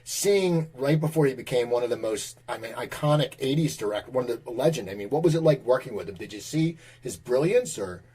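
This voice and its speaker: A man's voice: medium pitch, animated, a little fast, few pauses, mellow, breathy edge, low-quality recording. A man in his sixties hosting an interview, asking questions eagerly with many false starts. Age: 60s. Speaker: podcast host.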